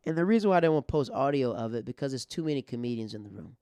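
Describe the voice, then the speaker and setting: Smooth-voiced man telling a rambling story. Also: medium pitch, expressive, racing, dark tone, dry recording. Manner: rambling, conversational, with many restarts and fillers. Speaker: comedian and podcast host. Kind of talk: casual storytelling monologue.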